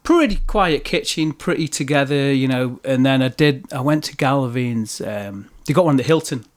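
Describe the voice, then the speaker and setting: Male podcast host, mid-pitch voice, easygoing and chatty, quick to agree. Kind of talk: casual chat over drinks.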